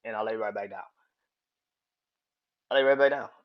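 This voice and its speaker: Man, low voice, casual podcast storytelling, rambling and repetitive, lots of swearing, dull lo-fi sound. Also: moderate pace. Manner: rambling, repetitive, swears freely, chuckles often. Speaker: podcast host.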